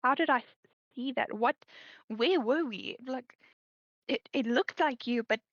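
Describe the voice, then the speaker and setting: A woman's voice: high-pitched, a little slow, fairly bright tone, no echo, highs cut off, full character voice. A woman voicing a stammering, worried adventurer. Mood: anxious. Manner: stammering, anxious.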